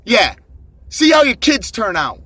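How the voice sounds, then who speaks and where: Fired-up man preaching hustle with a high, piercing voice. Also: huge pitch swings, unhurried, breathy edge, dry recording. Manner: intense, swearing, shouting bursts. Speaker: motivational vlogger. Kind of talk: ranting motivational monologue. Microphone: phone camera.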